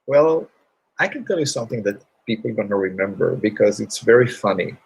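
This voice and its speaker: Animated man telling motivational stories. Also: lowish voice, fairly quick, creaky, slightly rough, poor audio. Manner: animated, acts out shouts in stories. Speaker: guest speaker. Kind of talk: motivational storytelling.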